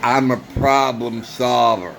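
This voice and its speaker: A man's voice: medium pitch, steady tone, slow, fairly bright tone, rough recording. A man talking through a personal grievance in a vlog monologue, earnest and repetitive, sometimes searching for words. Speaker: vlogger.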